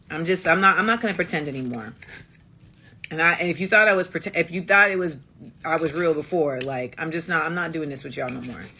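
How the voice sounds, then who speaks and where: A woman's voice: low voice, bright, forceful tone. A woman hosting a casual livestream monologue into a phone, blunt and emphatic, restating her points again and again. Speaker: livestream host.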